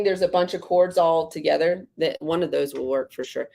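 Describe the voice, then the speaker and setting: Woman with a low, deep register; casual podcast co-host, ranting and exasperated, swears freely. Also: normal speed, creaky, dark tone. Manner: ranting, exasperated storytelling with profanity. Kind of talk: casual livestream chat.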